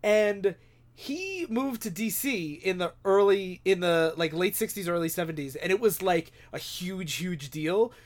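A man's voice: high voice, lively intonation, a little slow. A man on a podcast, casually giving background on a comics creator. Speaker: podcast co-host. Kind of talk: casual chat, giving backstory.

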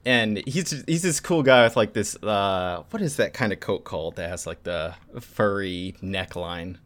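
A man's voice: fairly low pitch, measured pace, fairly bright tone. A man co-hosting a casual podcast, enthusiastically recapping a manga with many fillers and acted-out lines. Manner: enthusiastic, lots of "like" fillers, acts out characters' lines. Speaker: podcast co-host.

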